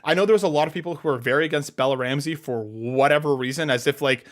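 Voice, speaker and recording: A man's voice: medium pitch, fast. A man co-hosting a casual podcast in an upbeat way, reading listener questions aloud and answering them. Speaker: podcast co-host.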